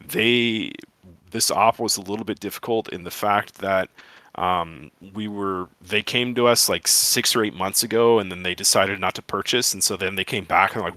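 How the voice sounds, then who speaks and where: Guy rambling about his sales engineer job, lots of um and like, bright kinda forceful voice. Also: lowish voice, normal speed, no echo. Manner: rambling, lots of fillers and restarts. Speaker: cyber security sales engineer. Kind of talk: casual talk to camera.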